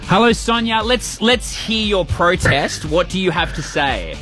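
A middle-aged man hosting a breakfast radio show, chatty and warm, repeating words as he talks. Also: sits high, lively intonation, a little slow, faint music behind. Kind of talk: casual radio chat. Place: radio studio.

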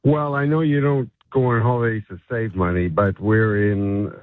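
A man's voice: lowish voice, fairly even intonation, moderate pace, no room sound, narrow, tinny audio. A man calling in to radio, amused, telling a holiday story. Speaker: caller.

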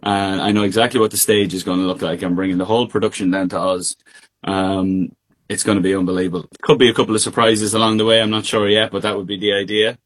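A man's voice: fairly low pitch, quick pace. Laid-back Irish man on a call. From Ireland. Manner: relaxed, laughs easily, many fillers. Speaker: guest singer. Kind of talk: casual interview chat. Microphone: remote call.

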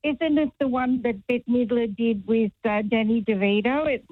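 A woman in her seventies phoning in to a radio show, speaking emphatically with halting restarts. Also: a little high, dry recording. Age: 70s. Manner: emphatic, halting, laughs at herself. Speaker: caller. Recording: phone line on radio.

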